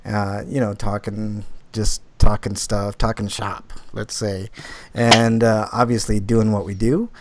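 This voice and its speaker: A man's voice: fairly low pitch, a little slow, heavy background noise. A man hosting a casual podcast, reviewing movies and telling stories with lots of fillers and restarts. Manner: rambling, filler-heavy, animated when retelling stories. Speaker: podcast host.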